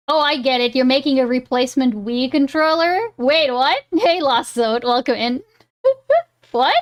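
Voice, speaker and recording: A woman's voice: sits high, measured pace. A woman streamer chatting casually and laughing while reacting live. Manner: giggly, rambling, self-deprecating.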